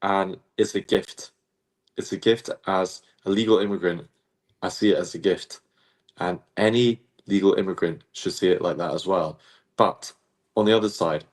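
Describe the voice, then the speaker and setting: A man's voice: low-pitched, a little mellow. A man, speaking as a guest on a live-stream interview in a passionate, emphatic, blunt way.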